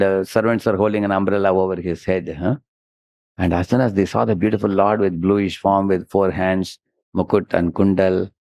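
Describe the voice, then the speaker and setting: A man with an Indian English accent gives a devotional lecture, telling stories in an animated way and prompting listeners with "huh?". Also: low-pitched, gravelly, no room sound. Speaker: spiritual teacher giving a lecture. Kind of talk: devotional sermon with storytelling.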